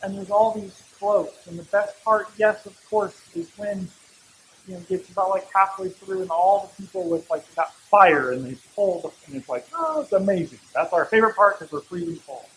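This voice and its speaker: A middle-aged male pastor giving a sermon in a church, talking in a relaxed, conversational way with humorous asides. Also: sits high, moderate pace, slight background noise, rough recording.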